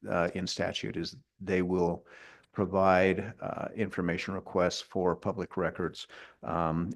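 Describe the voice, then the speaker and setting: Man, very deep voice, formal testimony, measured and deliberate, hearing room. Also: vocal fry. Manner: measured and deliberate, stresses key words. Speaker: agency official presenting an analysis to a legislative committee. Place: legislative committee hearing room.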